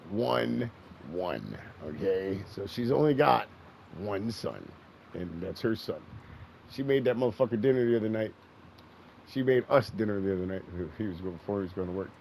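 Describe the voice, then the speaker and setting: A man's voice: lowish voice, big pitch swings, normal speed, vocal fry, darkish tone, a little hiss or hum, poor audio. A middle-aged man streaming a game, telling a long profane story in a rambling way and repeating himself. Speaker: gaming streamer. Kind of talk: casual storytelling while gaming.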